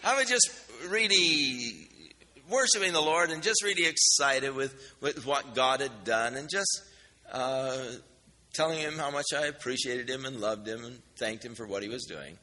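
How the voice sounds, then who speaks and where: Bright-voiced pastor telling a story. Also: male voice, mid-range voice, moderate pace, long reverb tail. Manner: folksy, animated retelling with acted-out dialogue. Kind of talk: sermon storytelling.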